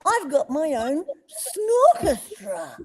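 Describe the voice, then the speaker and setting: A woman voicing an excitable, playful young male koala with a high, squeaky, eager voice and an Australian accent. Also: slow, gravelly, in a large hall, a little hiss or hum, full character voice. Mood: gleeful.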